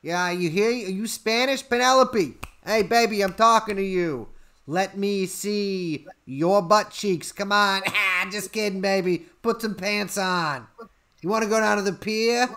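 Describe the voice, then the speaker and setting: A man's voice: sits high, unhurried, bright, forceful tone, heavily acted. A man putting on an exaggerated mock Brooklyn accent as a brash, crude man hitting on women. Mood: leering. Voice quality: brash, sing-song, crude, rambling.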